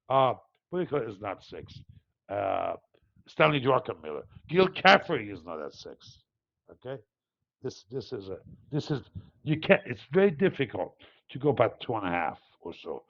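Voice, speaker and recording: A man's voice: mid-range voice, sing-song, moderate pace, lo-fi sound. A man hosting a market review, talking in a rambling, digressive way with many fillers and restarts. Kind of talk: rambling live market commentary.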